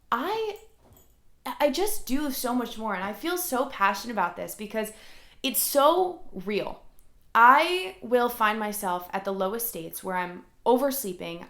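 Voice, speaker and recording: A woman's voice: medium pitch, creaky, fairly bright tone. Earnest woman podcaster in a roomy space. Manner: earnest, rambling, frequent "like" fillers. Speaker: podcast host. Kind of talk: solo motivational podcast talk. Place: room at home. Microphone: recorded alongside a camera.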